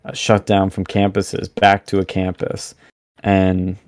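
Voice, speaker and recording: A young man talking as a podcast guest, animated and blunt, rambling with lots of fillers over a remote mic. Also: low voice, slow, no echo. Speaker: podcast guest, campus event organizer. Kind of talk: casual podcast interview.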